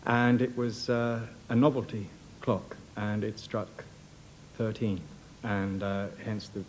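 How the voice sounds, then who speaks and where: A man panel guest explains with earnest, straight-faced calm. His voice sits low. A faint hiss runs behind him. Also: slow pace. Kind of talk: bluffing a definition.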